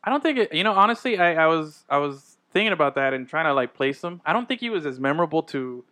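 A man's voice: on the high side, expressive, fast, bright, forceful tone, no echo. A man co-hosting a casual sports podcast, loose and bantering. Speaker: podcast co-host.

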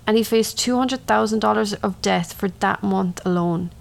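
A woman's voice: mid-range voice, moderate pace, gravelly. A woman recounting a true story in a matter-of-fact way, adding her own opinions between events. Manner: matter-of-fact retelling with personal asides.

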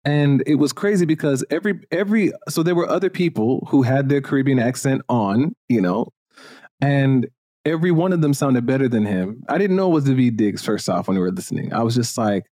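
A man's voice: mid-range voice, brisk, dry recording. Man from Jamaica, dry close sound. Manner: animated and opinionated, with frequent fillers. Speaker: podcast host. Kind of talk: casual chat.

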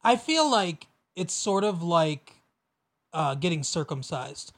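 A young man co-hosting a podcast, chatting casually in a rambling way, with quick laughs and many restarts. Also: fairly high pitch, expressive. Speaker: podcast co-host. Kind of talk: casual chat.

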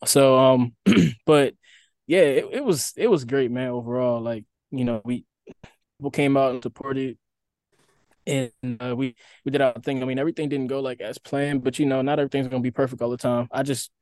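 A man's voice: medium pitch, moderate pace, dry recording. Young musician guy chatting, mid voice, dry close sound, kinda rambly. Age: young adult. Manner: relaxed, rambling, lots of fillers. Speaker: band member, guest. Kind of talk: casual interview answers.

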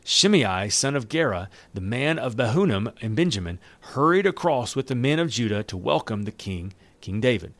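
A man of middle pitch reads a Bible chapter aloud. He breaks off at times to retell the story in loose, everyday words. The recording is close and dry, with no room sound. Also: big pitch swings, normal speed, hardly any pauses, no echo. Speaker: Bible reader and teacher. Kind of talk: Bible reading with casual commentary.

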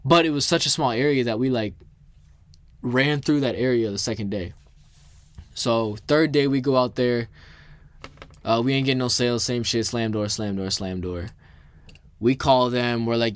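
A young man from Minnesota casually telling a story to the camera, animated and swearing freely, with lots of fillers. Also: mid-range voice, moderate pace, no room sound.

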